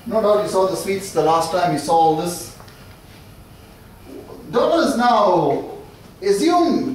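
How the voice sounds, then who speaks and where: A man's voice: high voice, lively intonation, takes it slowly, pauses often, a little hiss or hum. A man giving a joking tour of an office and telling a long comic story, laughing at his own punchlines. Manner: chuckles at his own jokes. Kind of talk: casual comic monologue and joke telling. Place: office suite, indoors. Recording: very echoey room, camera at a distance.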